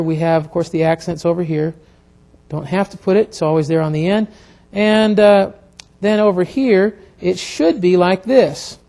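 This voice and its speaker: A man teaching a classroom grammar lecture, explaining step by step in a halting way with many pauses and restarts. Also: sits high, darkish tone. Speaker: Hebrew instructor.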